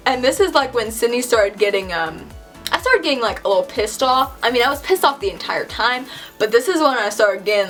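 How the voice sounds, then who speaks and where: A young woman tells a story straight to camera in a slightly high voice, scattering "like" through every sentence. She is animated and exasperated. Faint music plays in the background. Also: moderate pace. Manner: chatty, filler-heavy with frequent "like". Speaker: vlogger. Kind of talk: casual storytime chat.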